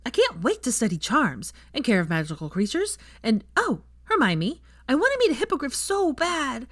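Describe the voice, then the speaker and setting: A woman voicing an eager, chatty six-year-old boy in an audiobook reading, with gushing, rushed questions. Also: high voice, wildly swooping pitch, fairly bright tone, dry recording, studio quality, voice pushed up, heavily acted. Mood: excited. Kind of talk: audiobook character voice.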